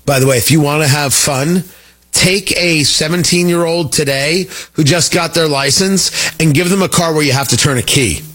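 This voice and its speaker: A middle-aged man hosting a talk radio show, animated and jokey, wandering off on tangents. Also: fairly high pitch, normal speed. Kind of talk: opinionated talk radio monologue.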